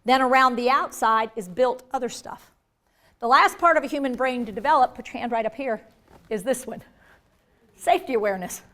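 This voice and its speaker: A woman giving a lively live workshop on dementia care, acting out inner voices and joking with the audience. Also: fairly high pitch, brisk. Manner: animated, acts out inner voices, jokey asides to the audience.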